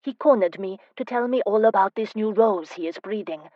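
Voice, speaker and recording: A woman narrator voicing a spirited, teasing young woman in an audiobook, speaking with lively, emphatic delivery. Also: medium pitch, normal speed, no room sound, highs cut off, pitched above the performer's own voice, natural voice. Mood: exasperated. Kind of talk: audiobook character voice.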